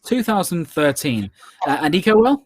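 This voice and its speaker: Scottish man hosting a quiz, slightly high. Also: very animated, dry recording. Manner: chatty, repeats questions slowly. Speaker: quiz host. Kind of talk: online charity quiz hosting.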